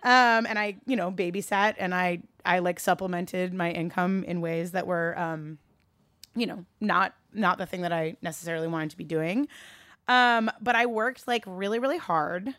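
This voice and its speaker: A woman giving a candid, animated talk to a live audience, swearing freely and rising into a high register when worked up. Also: normal speed, no echo. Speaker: speaker addressing a live audience.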